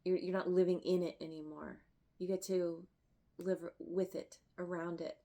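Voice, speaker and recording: A woman giving a tarot reading, emotional and effusive, often halting and restarting her sentences. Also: fairly low pitch, level tone, mellow. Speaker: tarot reader.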